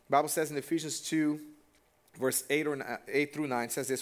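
A man's voice: fairly high pitch, steady tone, brisk. A man preaching a conversational sermon in church and often turning to the congregation with questions. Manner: casual and direct, asks the congregation questions. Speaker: pastor.

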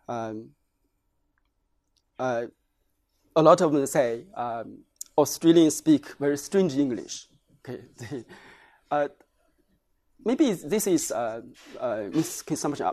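Man, academic lecturer, mid-range voice, hesitant delivery with frequent pauses. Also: mid-range voice, a little mellow. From China. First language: Chinese. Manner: halting, many hesitations. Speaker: academic researcher presenting findings. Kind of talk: lecture presentation.

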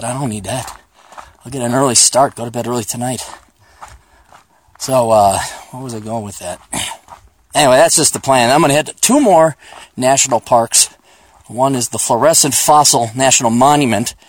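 A man hosting a podcast, rambling in a profane, sarcastic, joking way while out on a hiking trail, recorded on a phone. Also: mid-range voice. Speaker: podcast host. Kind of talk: casual rambling monologue.

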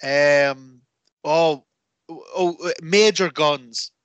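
A man, chatting on a podcast as co-host and telling animated stories that he acts out with quoted voices. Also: on the high side, drawn-out words, smooth, no echo. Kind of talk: casual chat.

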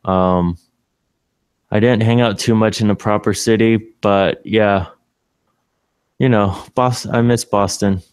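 A man's voice: fairly low pitch, fairly even intonation, slow, pauses often, smooth, no echo. A man co-hosting a podcast from a hotel room, chatting casually in a joking, offhand way. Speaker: podcast co-host. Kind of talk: casual chat.

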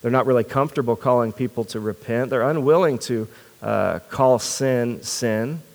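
A man's voice: medium pitch, normal speed, gravelly, long reverb tail. A male pastor preaching a sermon in an earnest way, asking rhetorical questions and often repeating words as he thinks.

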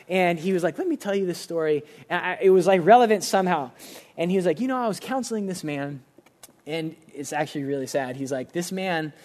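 A young man gives a sermon, talking to his congregation as casually as if he were chatting with friends. His voice sits a little on the high side for a man. He often acts out the dialogue of his stories in changing voices. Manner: casual, conversational preaching with many fillers. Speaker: pastor.

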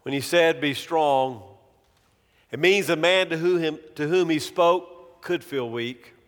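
A man preaching a sermon in a slow, measured way, letting phrase ends fall away softly. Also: on the high side. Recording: long reverb of a large hall.

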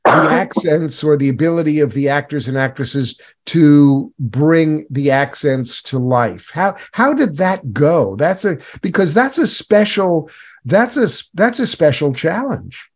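A man's voice: on the high side, animated, measured pace. Chatty, rambling male interview host. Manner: rambling, self-interrupting, many fillers and restarts. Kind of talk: casual interview chat.

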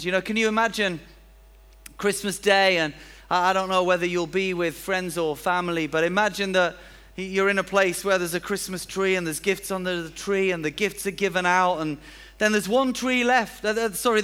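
A man's voice: high voice, steady tone, moderate pace, fairly bright tone, clean tone. A man preaching a sermon in a church, chatty and self-deprecating, acting out little everyday scenes.

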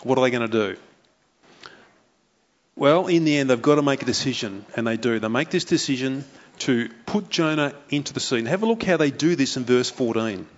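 A man preaching a sermon, telling a Bible story with animated flair and briefly voicing its characters. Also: mid-range voice, a little fast. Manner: animated storytelling, acting out the sailors' voices. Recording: dull lo-fi recording.

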